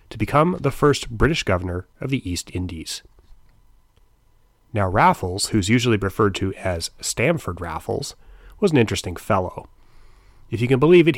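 A middle-aged man with a lowish voice narrates history for his podcast. His delivery is scripted but informal, full of dry, wry asides. The sound is close and dry, with no room around it. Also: no echo.

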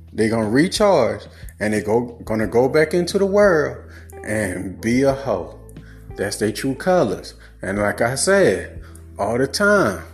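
Blunt dude w/ aave going on and on, lots of "think about it" questions, mid voice. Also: male voice, medium pitch. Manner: blunt, repetitive, lecturing with rhetorical questions. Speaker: commentator on relationships. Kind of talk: casual monologue.

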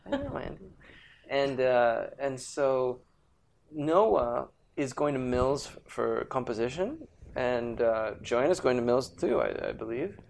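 A man's voice: mid-range voice, takes it slowly, gravelly, a little mellow. A man who is a musician, chatting on a podcast and telling loose, rambling stories. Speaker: guest musician. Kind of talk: casual podcast chat.

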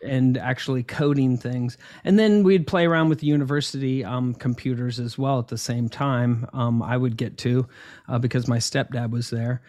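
A man being interviewed about his path as an entrepreneur, telling stories in a casual, animated way with lots of ums and restarts. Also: mid-range voice, moderate pace.

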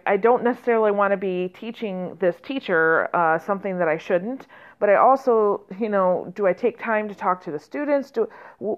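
Woman telling a story, lo-fi sound. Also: medium pitch. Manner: conversational, many fillers and restarts, animated quoting. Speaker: teacher trainer telling a story. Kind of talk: personal storytelling.

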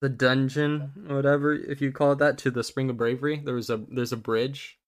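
A man's voice: mid-range voice, little pitch movement, a little fast. A man talking on a casual podcast, hesitant, with frequent ums and laughs.

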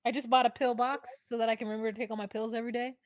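High-voiced woman, giggly podcast chat. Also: flat delivery, rapid-fire, no room sound, studio quality. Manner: laughs often, slips into quoted voices. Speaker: podcast co-host. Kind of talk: casual chat recapping a reality show.

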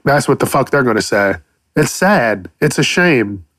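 A man's voice: medium pitch, animated, a little slow, fairly bright tone, dry recording, clean studio sound. A man hosting a podcast, rambling casually and cursing freely while he muses on voice acting. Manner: profane, rambling, playful silly voices. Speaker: podcast host. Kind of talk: casual solo podcast monologue.

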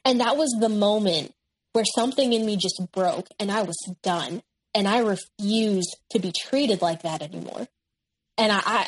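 A woman's voice: mid-range voice, poor audio. A nineteen-year-old woman, a guest in an interview, recounting a personal story in a candid, matter-of-fact way.

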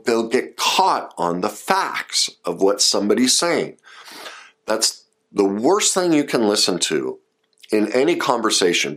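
A man giving advice to listeners as a coach, talking emphatically and acting out short example quotes. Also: on the low side. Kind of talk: direct-address advice talk.

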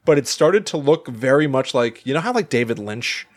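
A man co-hosting a podcast, telling a story in casual chat with lots of restarts, fillers and laughs. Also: mid-range voice. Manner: animated, halting storyteller with many restarts and laughs. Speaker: podcast co-host.

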